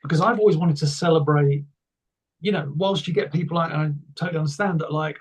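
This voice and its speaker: A man's voice: fairly high pitch, fast, slightly rough. A man being interviewed, telling stories in a rambling, enthusiastic way with many restarts. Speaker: interview guest. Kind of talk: casual conversation.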